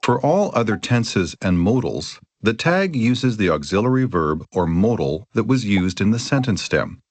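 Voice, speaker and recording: Low, lively man reading a lesson. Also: moderate pace, dry recording. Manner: clear, even instructional delivery with acted example lines. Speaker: lesson audio narrator. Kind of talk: scripted grammar lesson reading.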